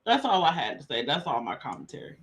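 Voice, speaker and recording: A man streaming casual commentary, relaxed and slangy, laughing often as he reacts to a clip. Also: fairly high pitch, fast talker, vocal fry. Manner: laid-back, laughing, slangy banter. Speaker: streamer reviewing a live stream.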